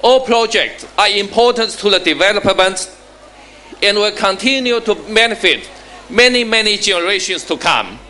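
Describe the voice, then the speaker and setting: High, bright man reading a formal speech. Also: animated, a little hiss or hum. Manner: measured, phrase-by-phrase delivery. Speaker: ambassador giving a speech.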